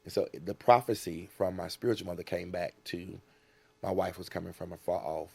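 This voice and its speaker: A man's voice: deep voice, fairly even intonation, fairly quick, vocal fry, a little mellow, husky. A man from the United States, a guest in an interview, telling a personal story earnestly and acting out what people said.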